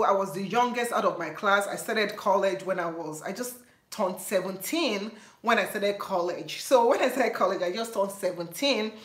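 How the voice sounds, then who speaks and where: A woman with a Nigerian accent telling a story on her vlog in an animated, laughing way. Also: medium pitch. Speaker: vlogger. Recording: echoey room.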